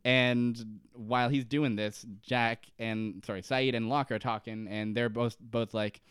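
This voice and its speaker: A man in casual podcast chat, retelling a story and slipping into quick impressions of each character. His voice is smooth and clean. The sound is close and dry, with no room around it. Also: mid-range voice, steady tone, a bit bright, no echo. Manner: laughing, swearing, acting out quotes. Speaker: podcast co-host. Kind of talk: casual episode recap chat.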